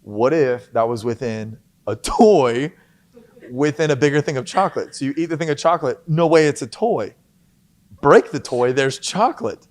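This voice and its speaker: A man's voice: medium pitch, expressive, moderate pace. A young man chatting as a guest on a podcast, jokey and playful, laughing often. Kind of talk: casual podcast chat.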